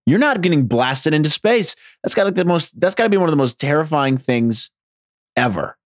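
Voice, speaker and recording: A man's voice: fairly high pitch, lively intonation, fairly quick, no room sound, studio quality. A man from New Jersey rambling through a casual monologue, profane, sarcastic and self-deprecating.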